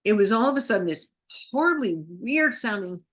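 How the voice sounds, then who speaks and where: Animated and a bit bright, her mid-range voice moves at a moderate pace as she tells a personal story on a podcast. She brings it to life emotionally, performing her own inner thoughts.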